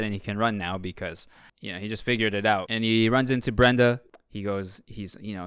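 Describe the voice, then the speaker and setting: A man's voice: fairly low pitch, fairly even intonation, fairly quick, a bit bright, clean tone, dry recording, clean studio sound. A young man giving a casual, sarcastic movie review, swearing freely and acting out the characters. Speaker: video host reviewing a movie. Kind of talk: casual comedic commentary.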